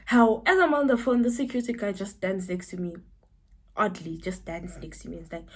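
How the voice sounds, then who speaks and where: A young South African woman telling a personal story to camera, animated and breaking into high exclamations. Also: fairly quick. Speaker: vlogger.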